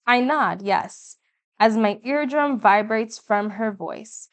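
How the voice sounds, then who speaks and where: A woman narrating a first-person audiobook in a slow, measured way. Her voice sits somewhat high, and she lingers on vivid details.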